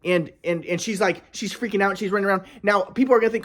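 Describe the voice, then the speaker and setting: A man's voice: high voice, fairly even intonation, quick pace, hardly any pauses, fairly bright tone. A man telling a personal story in an agitated, rambling way, swearing often and restarting his sentences. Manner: agitated, profane, repeats and restarts.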